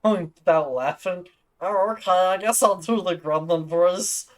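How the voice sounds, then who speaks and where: A man's voice: high voice, measured pace. A man streaming a game, chatting casually between scenes in a joking, giggly, self-mocking way. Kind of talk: casual gaming livestream chat.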